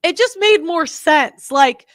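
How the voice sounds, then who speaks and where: A woman's voice: very high voice, animated, takes it slowly, fairly bright tone, dry recording, clean studio sound. A woman hosting a reaction show, talking in a candid, blunt way that rambles and interrupts itself. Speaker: host. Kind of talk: reaction commentary.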